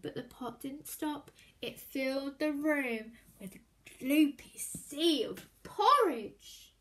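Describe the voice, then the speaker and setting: A woman reading a children's story aloud in an expressive, animated way, sometimes dropping to a hushed whisper. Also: high-pitched, slow.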